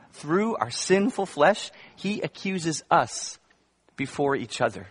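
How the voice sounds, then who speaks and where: A man's voice: fairly high pitch, very animated, slow, slightly rough. A male pastor preaching a sermon to his congregation in a conversational way, with humorous asides and emphatic bursts. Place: church before a congregation.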